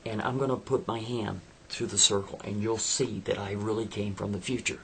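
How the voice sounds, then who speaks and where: A man's voice: on the low side, fairly even intonation, moderate pace, a little hiss or hum, natural voice. A man voicing a young time traveler in a spoken story, pleading and urgent. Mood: insistent.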